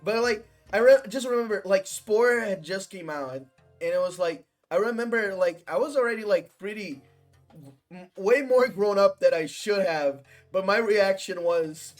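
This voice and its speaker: A man's voice: high voice, normal speed, soft background music. A young man in his twenties, a podcast host telling a story in rambling casual chat, swearing often. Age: 20s. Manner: rambling, swears a lot, acts out quotes.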